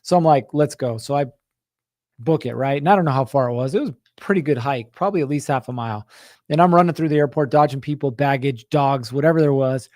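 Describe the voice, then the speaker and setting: A man's voice: medium pitch, fast talker, no echo, studio quality. A man hosting a show for contractors, casually telling a story to his audience and acting out the quotes, often checking in with "right?". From Utah. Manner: animated, acts out quotes, frequent "right?" asides. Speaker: host of a contractor business show.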